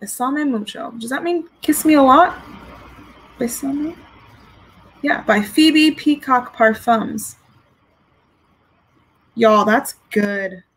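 A woman with a slightly high-pitched voice chats casually at home while reviewing perfumes. She giggles often and reads out viewer comments as she goes. Her delivery is loose and conversational. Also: takes it slowly, long pauses, low-quality recording. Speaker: fragrance reviewer. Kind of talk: casual live-stream chat. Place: home with dogs.

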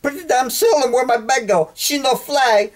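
A man voicing a flustered male traveler who yells in broken English, pitched well above his own voice. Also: normal speed. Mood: exasperated. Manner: shouting, high and pushed.

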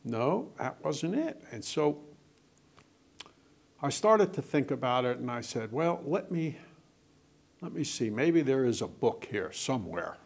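A man's voice: mid-range voice, big pitch swings, a little slow, vocal fry, pauses often. An older man, an author, chatting and telling anecdotes with lots of quoted dialogue. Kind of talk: casual storytelling in conversation.

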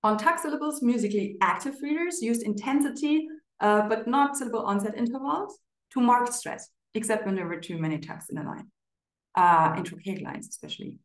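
A woman's voice: on the high side, expressive. Academic woman presenting research, roomy echo. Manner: measured, with frequent filler pauses. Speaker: conference presenter.

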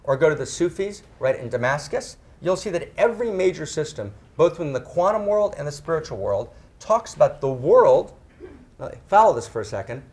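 Animated middle-aged man, fairly high voice, emphatic, peppers talk with "right?". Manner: emphatic, tags phrases with "right?", slows down to stress words. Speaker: speaker on spirituality and sexuality. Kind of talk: animated talk to a live audience.

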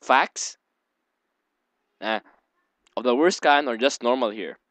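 His mid-range voice is a bit bright and slow-paced, smooth and clean, recorded dry and close at a desk mic with no room sound. He's a young man hosting a let's play, reading a visual novel aloud and wandering into giggly, rambling asides.

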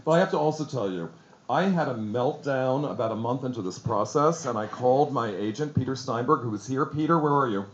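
A man's voice: medium pitch, expressive, brisk, roomy sound, highs cut off, slight background noise. A man giving an effusive, theatrical, self-deprecating talk about his book to an audience at a bookstore event. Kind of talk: casual public talk.

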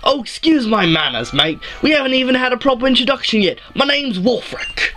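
A man's voice: extremely high pitch, sing-song, brisk, sharp tone, voice pushed up, heavily acted. A man voicing a friendly, laid-back male gym leader in a clumsy put-on Australian accent who calls people mate. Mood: cheery.

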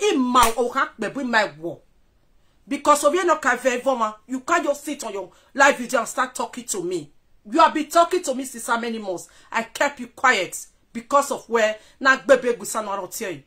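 A Nigerian woman delivers a confrontational rant straight to the camera, scolding and warning in a high voice that leaps up and down. Her tone is bright and sharp, and she slides between Pidgin and local languages. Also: expressive, moderate pace.

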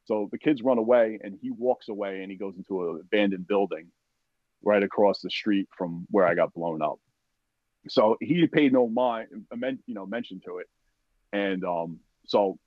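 A man's voice: on the low side, normal speed, dry recording. A man, a podcast guest and army veteran, tells a war story in casual, profane language, acting out what others said and leaning on "like" and "you know". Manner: profane, animated retelling with acted-out quotes; heavy use of "like" and "you know". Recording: dull, dry podcast audio.

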